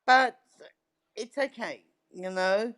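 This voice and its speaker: A woman's voice: medium pitch, slow pace, fairly bright tone. A middle-aged woman talking as a guest in a casual interview, telling stories in a chatty way and often checking in with "right?". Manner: chatty storyteller, tags lines with "right?".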